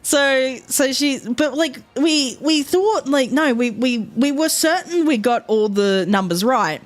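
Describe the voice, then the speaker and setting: A woman's voice: high-pitched, expressive, measured pace. A young woman, telling a long story as a streamer, rambling with lots of fillers and quoted asides. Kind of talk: casual storytelling while streaming.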